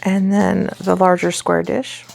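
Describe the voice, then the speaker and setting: A woman talks through a home recipe in a relaxed, rambling way, full of "um" and "like". Her voice sits a little low and has a gravelly edge. She sounds easygoing as she explains each step. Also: measured pace, faint music behind. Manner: chatty, rambling, many fillers. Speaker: home cook showing a recipe. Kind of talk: casual cooking demonstration.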